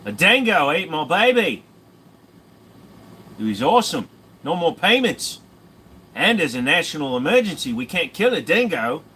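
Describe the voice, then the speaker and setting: A man putting on an Australian accent to play a brash, crude bloke who makes deadpan absurd claims. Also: fairly high pitch, normal speed, pauses often, breathy edge, voice pushed up, heavily acted. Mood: boastful. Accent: put-on Australian.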